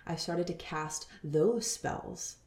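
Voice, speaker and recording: Woman, thirties, spiritual podcast host, earnest, whispery at times, low voice, roomy echo. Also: slow. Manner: soft, earnest, drops to whispers.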